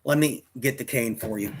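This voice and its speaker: A man in his fifties with a medium-pitched, husky voice casually tells a personal story to camera. He rambles, often restarting his sentences and correcting himself.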